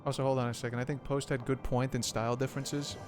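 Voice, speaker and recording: A man's voice: mid-range voice, level tone, quick pace, music in the background. A man streaming a game, chatting casually in a rambling, profane, joking way.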